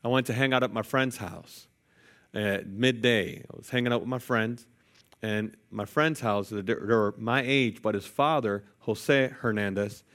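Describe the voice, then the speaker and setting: Slightly slow and on the low side, a man's voice carries a sermon built around a personal story. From the church sanctuary, he livens things up by joking playfully with the congregation.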